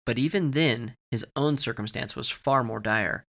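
A man narrating a horror story in a measured, deadpan way. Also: mid-range voice, vocal fry. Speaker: narrator and player.

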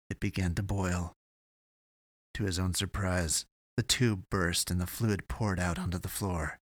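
Low, gravelly male audiobook narrator. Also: fairly bright tone, dry recording, studio quality.

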